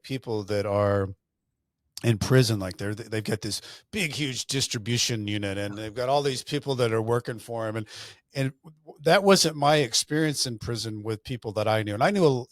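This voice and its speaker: A man's voice: medium pitch, no room sound, studio quality. A man hosting a podcast in casual interview talk, asking rambling, self-interrupting questions. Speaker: podcast host.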